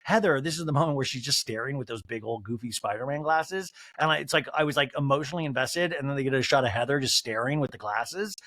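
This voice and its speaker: A man hosting a podcast who recaps reality TV in a snarky, quick storytelling voice. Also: medium pitch, a bit bright, dry recording, studio quality. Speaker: podcast host. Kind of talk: comedic TV recap.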